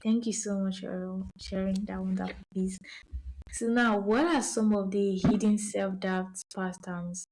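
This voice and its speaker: A woman hosting a podcast interview, enthusiastic and a little halting, with fillers as she asks questions. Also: mid-range voice, steady tone, a little mellow. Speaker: podcast host.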